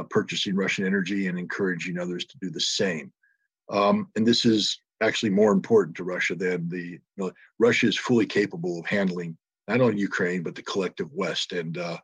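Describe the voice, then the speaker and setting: A man answering a question on a panel, giving measured analysis with many pauses and fillers. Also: deep voice, slightly rough, no echo. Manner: measured, many ums and uhs. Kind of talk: analytical commentary.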